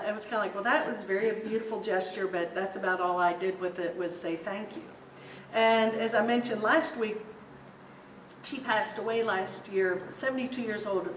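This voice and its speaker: Woman telling stories at a spiritual center talk, laughs a lot, echoey room, mic kinda far off. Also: medium pitch. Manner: chatty, storytelling, laughs easily. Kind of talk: informal spiritual talk to a group. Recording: roomy echo, distant mic, faint hiss.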